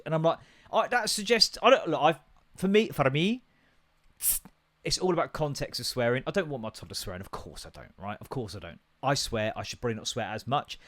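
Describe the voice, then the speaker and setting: A young English man hosting a podcast, ranting in a casual, sweary way that jumps from topic to topic. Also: on the high side. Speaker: podcast host.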